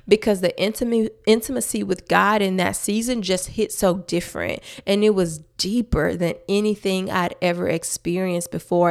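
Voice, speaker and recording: A woman's voice: on the low side, gravelly. A woman hosting a faith-based podcast, talking earnestly and emphatically straight to her listeners. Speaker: podcast host.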